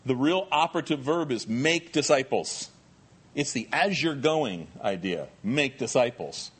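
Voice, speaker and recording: A middle-aged male pastor preaching a sermon in a lively, conversational way with jokey asides. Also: mid-range voice, a little slow, slightly rough.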